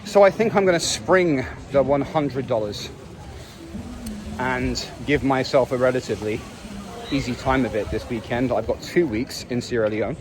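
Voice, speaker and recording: A man's voice: medium pitch, normal speed. A man talking in a casual, wry travel vlog while walking outdoors on a busy city street. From England. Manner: chatty, wry and self-mocking. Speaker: travel vlogger. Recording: noisy outdoor street recording. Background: street traffic and city noise.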